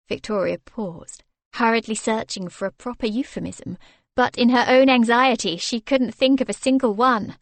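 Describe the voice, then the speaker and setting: A woman narrating an audiobook in a measured, expressive manner. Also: on the high side, no room sound. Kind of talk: scripted narration.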